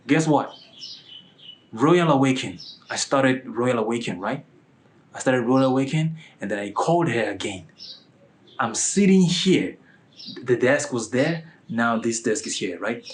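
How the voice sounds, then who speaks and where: A man's voice: medium pitch, low-quality recording. A man telling a personal spiritual testimony in a rambling way, with many restarts and repeats. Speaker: vlogger.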